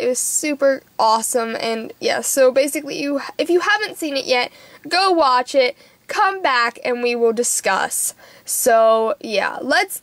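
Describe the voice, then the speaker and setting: A woman's voice: high-pitched, no echo. A young woman vlogging a casual movie review, gushing and emotional, rambling with lots of fillers.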